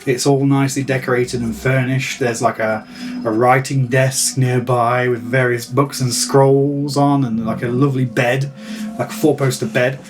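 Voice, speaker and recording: A man's voice: mid-range voice, flat delivery, normal speed, music in the background. A man running a tabletop game as game master, describing scenes in a chatty, filler-heavy way. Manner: chatty, filler-heavy narration with many likes and ums.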